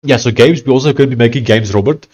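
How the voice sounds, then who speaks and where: A young man live-streaming his coding work, thinking aloud and reading out chat in a loose, halting way with many fillers. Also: mid-range voice, darkish tone. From South Africa. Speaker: live-streaming software developer.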